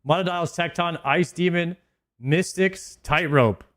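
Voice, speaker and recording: A man's voice: fairly high pitch, a little slow, fairly bright tone. Upbeat man in gaming banter. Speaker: co-streamer. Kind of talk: casual gaming chat.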